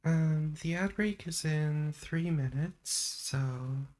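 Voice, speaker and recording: A woman hosting a live stream in a soft-spoken ASMR chat style, talking in a meandering way and laughing often. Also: deep voice, steady tone, slow. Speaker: livestream host. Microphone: streaming microphone.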